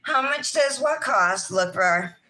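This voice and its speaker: A woman's voice: on the high side, animated, slow pace, pushed and bright, rough recording. A woman in her thirties hosting a casual nail livestream, chatting in a sing-song way with her viewers. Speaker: nail vlog host. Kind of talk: casual livestream chat while doing nails.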